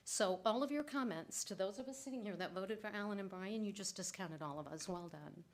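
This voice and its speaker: A woman resident speaking at public comment during a council meeting, angry and forceful as she addresses council members directly. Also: medium pitch, brisk.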